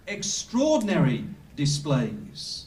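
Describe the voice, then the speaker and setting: A man preaching a sermon slowly and emphatically, with dramatic pauses for weight. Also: fairly high pitch, huge pitch swings, a little mellow, recorded from a distance. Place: Bible school hall. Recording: echoey room, speaker off-mic.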